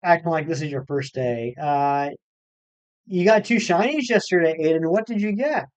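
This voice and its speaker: Chatty male game streamer, smooth voice. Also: fairly high pitch, normal speed, no echo. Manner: chatty, reads chat aloud, self-deprecating. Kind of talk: live stream chat while gaming.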